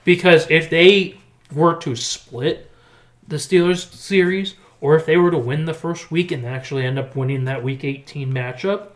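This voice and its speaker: A man's voice: fairly high pitch, moderate pace. A man co-hosting a casual football podcast, talking picks with emphatic energy. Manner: excited, emphatic picks talk. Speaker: podcast co-host. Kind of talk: casual sports chat.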